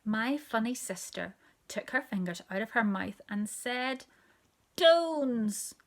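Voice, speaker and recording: A woman telling a children's story aloud, storybook style. She reads expressively, slipping into a hushed near-whisper for the quieter asides. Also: mid-range voice, unhurried.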